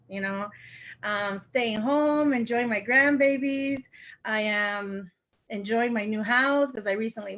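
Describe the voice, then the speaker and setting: An older woman talks to her viewers in a loose, chatty way, laughing often as she tells how things got started. Her voice sits a little high, and she slips into other people's voices when she quotes them. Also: a bit bright. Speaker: sales representative hosting a live video. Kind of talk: casual storytelling to viewers.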